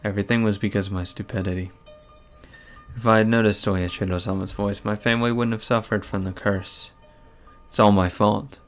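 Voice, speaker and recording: A man's voice: on the low side, steady tone, fairly quick, soft background music, natural voice. A man reading as a haunted young girl. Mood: frantic. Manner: reading in a mostly plain voice. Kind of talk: reading a visual novel aloud.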